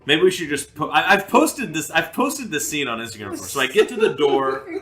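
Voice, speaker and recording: A man's voice: a little high, very animated, brisk, sharp tone. A man co-hosting a podcast, telling a story in casual chat, acting out the people he quotes and laughing often. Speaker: podcast co-host. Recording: roomy echo.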